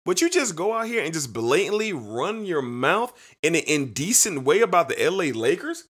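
A man's voice: on the high side, a bit bright. A man hosting a sports podcast, ranting emphatically and repeating names for effect, with features. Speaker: podcast host. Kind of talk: animated sports talk rant.

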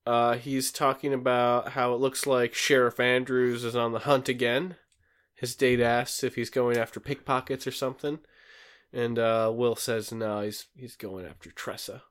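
A man with a mid-pitched voice casually recaps a TV episode for a podcast. He rambles through the plot with frequent ums and uhs. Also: flat delivery, moderate pace, fairly bright tone, clear, resonant tone. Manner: rambling recap with many fillers. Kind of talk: casual chat.

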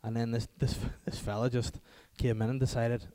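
A man's voice: medium pitch, little pitch movement, moderate pace, mellow. A young man telling rambling anecdotes in casual chat, laughing often.

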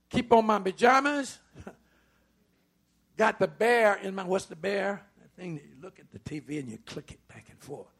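A man's voice: high-pitched, gravelly, slightly rough. A middle-aged man preaching a sermon in a conversational storytelling way, slipping into the voices of the people he tells about.

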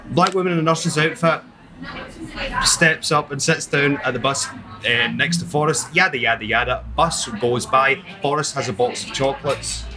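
A man's voice: mid-range voice, normal speed. Playful man hosting a chat. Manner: playful, jokey, rambling. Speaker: host. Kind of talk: casual chat.

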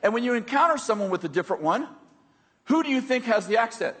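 An American man preaching with a husky, slightly breathy voice that sits high for a man. He keeps it conversational and joking and often turns to his listeners to check they follow. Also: big pitch swings, quick pace, a bit bright. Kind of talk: sermon.

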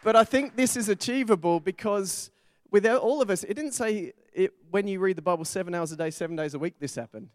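A man's voice: high voice, brisk, no room sound. A middle-aged man, preaching a sermon in church in a conversational way with personal stories. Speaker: pastor.

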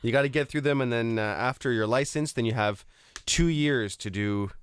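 A man's voice: medium pitch, moderate pace, a little hiss or hum. A man, hosting a real estate talk show in a chatty way, with many fillers and restarts. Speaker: radio show host. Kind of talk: casual chat.

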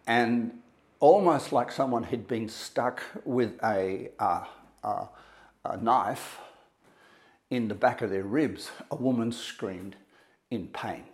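A man giving a motivational talk, telling a story with dramatic pauses and acting out quotes. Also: mid-range voice. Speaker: motivational speaker.

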